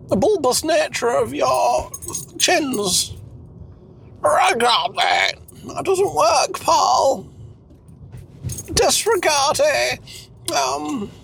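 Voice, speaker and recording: A man voicing a doddering elderly husband with a high, warbling voice and shouty outbursts. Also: vocal fry, a little hiss or hum, heavily acted. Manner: high warbling, shouty bursts, mangled French.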